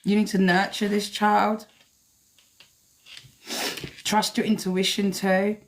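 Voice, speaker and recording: A woman's voice: mid-range voice, level tone, takes it slowly. A woman giving a blunt, emphatic live tarot reading, swearing freely as she talks to viewers. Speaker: tarot reader.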